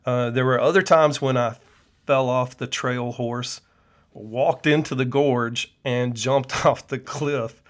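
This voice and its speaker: A middle-aged man, a clinician hosting his own show, speaking in an earnest, preachy personal monologue with frequent "uh" fillers. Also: medium pitch. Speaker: podcast host and functional medicine clinician.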